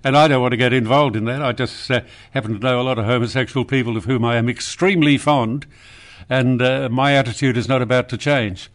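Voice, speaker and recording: Fields: Figure: veteran radio host, played by a man. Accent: Australian. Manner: dry, wry, unhurried. Pitch: mid. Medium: comedy radio sketch. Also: fairly even intonation, natural voice.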